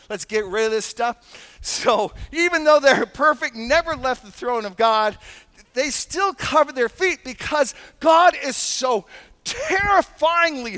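A man preaching a sermon, animated and emphatic, with frequent asides and laughs. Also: very high-pitched, clean tone. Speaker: pastor.

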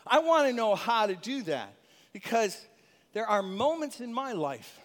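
A male pastor preaching a sermon in a church, animated, with chuckles and call-and-response with the congregation. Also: high voice, a little slow. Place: church sanctuary. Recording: long reverb in a large hall.

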